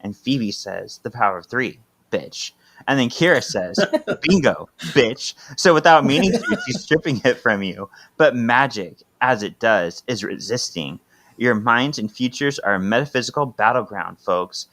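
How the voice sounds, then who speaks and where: A man's voice: mid-range voice, expressive, normal speed, fairly bright tone. A man co-hosting a podcast, reading comic book dialogue aloud in a playful, sassy way and laughing often. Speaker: podcast co-host.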